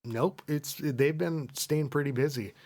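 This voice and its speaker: A man co-hosting a casual gaming podcast, easygoing and quick to laugh, wrapping up the episode. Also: fairly high pitch, a little mellow. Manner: easygoing, laughs often, wraps up the show. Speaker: podcast co-host. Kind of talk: casual chat.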